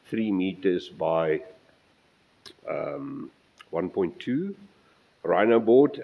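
A man's voice: on the low side, highs cut off. A middle-aged South African man giving a casual, rambling update on his model railway layout, often breaking off mid-sentence and counting out measurements. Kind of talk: casual workshop update vlog.

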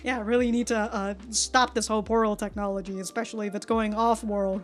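A woman's voice: mid-range voice, flat delivery, a little fast, few pauses, soft background music. A woman hosting a reaction video, talking casually and animatedly about a cartoon episode, laughing often and swearing freely. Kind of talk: casual commentary.

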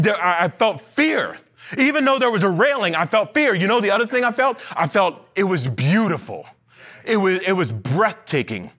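A man preaching a sermon as pastor in a church, animated, with playful asides and acted-out quotes. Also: sits high. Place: church sanctuary.

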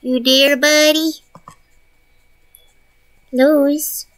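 A woman's voice: sits high, flat delivery, drawn-out words, fairly bright tone. A young woman streaming a casual chat, talking baby talk to her pets and cursing offhandedly.

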